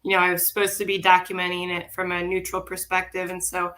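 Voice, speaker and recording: Bright, flat-toned woman folklorist. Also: fairly low pitch, fast talker. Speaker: folklorist, panel guest. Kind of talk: roundtable discussion.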